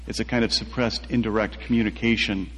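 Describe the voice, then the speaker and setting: A soft-spoken man being interviewed about his writing, telling a personal story with a husky voice and halting restarts. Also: lowish voice, flat delivery. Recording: long hall reverb.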